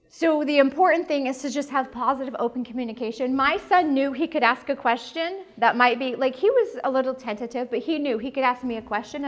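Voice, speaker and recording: A woman presenting at a conference, talking frankly and chatty, with jokes, as a psychology teacher. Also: on the high side. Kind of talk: candid conference talk. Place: conference breakout room.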